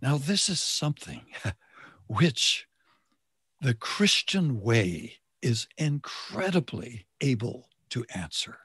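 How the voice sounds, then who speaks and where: A man preaching a sermon in short, measured phrases, pausing so an interpreter can follow. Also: mid-range voice, big pitch swings, a bit bright, husky, no room sound, studio quality.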